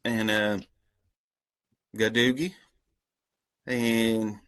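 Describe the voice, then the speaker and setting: A man's voice: medium pitch, unhurried, sharp tone. A man with a rural American accent giving an earnest, folksy talk about his community service work, then taking questions on a video call. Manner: earnest, folksy, passionate, with many restarts. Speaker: head of a community service corps.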